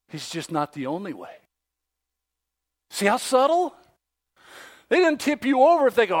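A man preaching a sermon, acting out the voices he quotes and swinging between loud outbursts and hushed asides. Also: on the high side, big pitch swings, normal speed, long pauses. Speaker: pastor.

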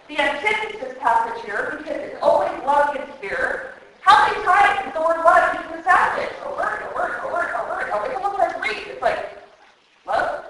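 A woman preaching at a retreat, lively and emphatic, repeating words for effect. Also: high-pitched, distant mic. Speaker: retreat speaker. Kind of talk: sermon. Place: hall at a church retreat. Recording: echoey hall.

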